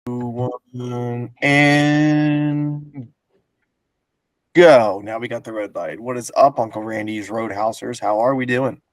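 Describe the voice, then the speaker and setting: A man's voice: mid-range voice, slow, no room sound. A man hosting a casual podcast, telling a long rambling story with laughs and swearing. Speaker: podcast host.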